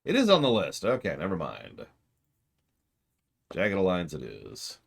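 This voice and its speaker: A man streaming a game, chatting casually with viewers in a sarcastic, excitable way and swearing now and then. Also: sits low, a little slow, gravelly.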